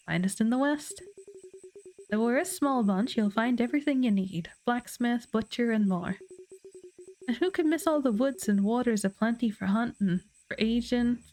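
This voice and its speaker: A woman reads out the part of a welcoming male mayor of a small frontier town. She keeps her own slightly high voice and reads the lines plainly. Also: darkish tone, lightly acted. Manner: plain reading without an accent. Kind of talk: reading game dialogue aloud on stream.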